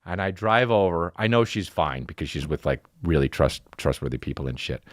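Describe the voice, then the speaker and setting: In a low-pitched, brisk voice, a comedian in his thirties spins a profane, funny story on his podcast, doing voices for each character with lots of energy. The studio sound is clean, with no echo.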